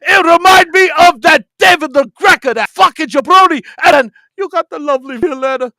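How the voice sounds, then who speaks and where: A hollering old wrestling villain spits insults in broken English, voice pushed high and hard, as a man puts him on. The sound is close and dry, with no room around it. He rants without pause. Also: dry recording, heavily acted. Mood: ranting. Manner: shouting, insult-spitting rant with broken English. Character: ranting old wrestling villain, male, accented, profane. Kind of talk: comedic impression on a podcast.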